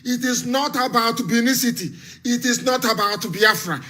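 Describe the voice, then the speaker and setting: A man's voice: extremely high pitch, normal speed, pushed and bright. A man with a Nigerian accent giving an impassioned radio address as a political activist, fiery and repetitive, barking orders.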